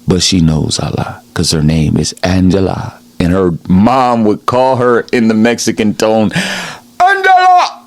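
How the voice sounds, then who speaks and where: A man's voice: lowish voice, darkish tone. A man giving a rambling improvised sermon as a self-styled preacher, emphatic and repeating "okay?" after his points.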